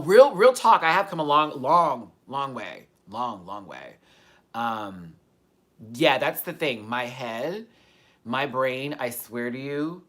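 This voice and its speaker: A man hosting a casual live-stream Q&A, talking candidly and swearing freely, with loud animated bursts that drop to soft, quiet asides. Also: medium pitch. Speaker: YouTube host answering viewer questions.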